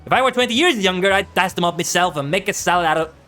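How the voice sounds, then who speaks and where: A man's voice: high-pitched, quick pace, sharp tone, faint music behind, voice pushed up. A man voicing a boastful, jovial old merchant who talks in a folksy, dialect-tinged way.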